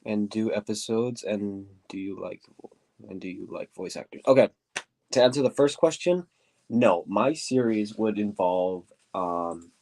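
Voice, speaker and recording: A deep-voiced man with a stuffy nose chats casually on a livestream, answering questions while he works. He rambles, pauses to search for words and keeps saying quote-unquote. His pitch sits fairly low. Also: animated, a little mellow. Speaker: streamer answering viewer questions.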